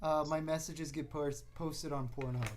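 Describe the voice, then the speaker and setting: A man's voice: on the high side, steady tone, normal speed. A young man in casual chat, laid-back and a little hesitant as he builds a set. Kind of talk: casual chat between friends.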